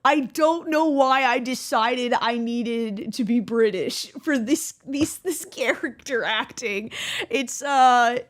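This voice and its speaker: A young woman hosting her channel, rambling through casual commentary on her old videos. She restarts her sentences often and laughs along the way. Her voice sits high. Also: takes it slowly. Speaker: YouTuber host.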